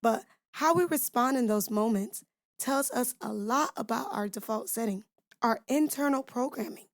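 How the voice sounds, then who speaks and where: Woman, devotional podcast teacher, emphatic preaching cadence, rhetorical questions, fairly high voice, dry close sound. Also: normal speed, no echo. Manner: addresses listeners directly and informally. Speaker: podcast host teaching scripture.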